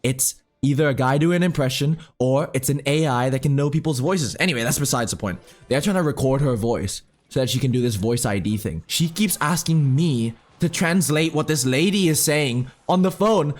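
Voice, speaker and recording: A young man commenting on his own gameplay while telling a rambling story. He is excitable, swears freely, talks in slang and mutters about his moves as he plays. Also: fairly high pitch, fairly quick, few pauses. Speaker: gaming commentator. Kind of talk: casual storytelling over live gameplay.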